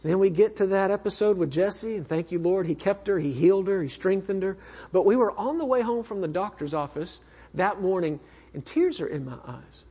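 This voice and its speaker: A husky, fairly high-pitched man preaches, his voice carrying a long hall echo. He is an earnest minister who swings between fervent and hushed. The sound is slightly dull and muffled. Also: animated, brisk. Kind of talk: sermon with personal storytelling.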